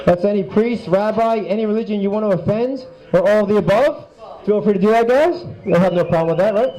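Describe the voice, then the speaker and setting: A man's voice: high voice, fairly quick, poor audio. A man hosting a live joke contest in a bar, announcing the categories with chuckles. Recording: lively crowd behind.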